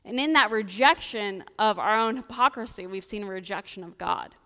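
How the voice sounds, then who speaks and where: A woman's voice: mid-range voice, moderate pace, bright, forceful tone. A woman with an American Midwestern accent giving a casual, chatty sermon from the pulpit, dropping playful asides. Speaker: preacher. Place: church sanctuary. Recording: reverberant church hall.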